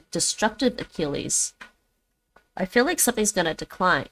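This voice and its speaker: A woman's voice: lowish voice, expressive, fairly quick, fairly bright tone, a little hiss or hum, poor audio. A woman streaming her language practice, thinking aloud and repeating words after an app.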